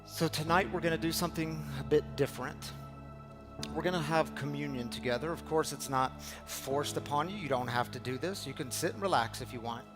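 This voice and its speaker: Passionate preacher man, slightly high voice. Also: over music. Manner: dynamic, swinging from hushed and slow to loud and emphatic; heartfelt, storytelling preacher with repeated phrases. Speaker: pastor. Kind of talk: sermon.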